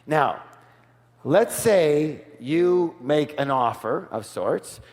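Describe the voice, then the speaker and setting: A seminar speaker gives an energetic sales talk in a large hall before a live audience, calling for call-and-response. He speaks very slowly at a fairly high pitch and drops to a soft, quiet voice to role-play offers. The recording carries long hall reverb.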